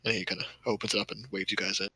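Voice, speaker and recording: Husky, bright-voiced game master. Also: male voice, fairly low pitch, flat delivery, very fast, no room sound, poor audio. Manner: casual, hesitant with fillers. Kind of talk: narrating a tabletop game.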